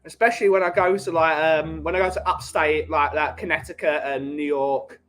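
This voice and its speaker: A man with a London English accent, hosting a relaxed coffee chat stream and bantering jokily with his live chat. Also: fairly high pitch, moderate pace, poor audio. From England. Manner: jokey, rambling banter.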